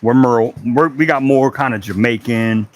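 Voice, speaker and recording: A man's voice: mid-range voice, normal speed. A man from Charleston with a Gullah Geechee accent, chatting casually and swearing now and then as he talks to livestream viewers while working in his woodshop. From Charleston, South Carolina. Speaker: woodworking livestream host.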